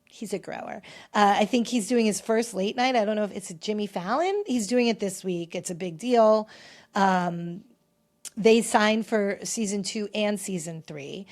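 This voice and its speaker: A woman hosting a pop culture podcast, talking in a chatty, opinionated way and often swinging between loud and quiet. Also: medium pitch, unhurried. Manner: chatty, opinionated, shifts loudness a lot. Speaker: podcast host. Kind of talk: casual pop culture commentary.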